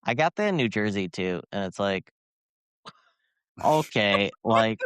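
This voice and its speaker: A man's voice: on the low side, expressive, unhurried, a bit bright, smooth. A young man with a Michigan accent, co-hosting a podcast and telling rambling travel stories with plenty of fillers. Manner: rambling, filler-heavy storytelling. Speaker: podcast co-host. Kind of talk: casual chat.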